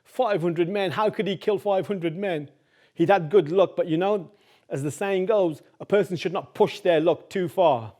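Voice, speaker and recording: A man telling a folk tale aloud in a chatty, animated way, talking straight to his listeners and repeating phrases for rhythm. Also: sits high, moderate pace. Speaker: storyteller. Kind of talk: oral folk-tale storytelling.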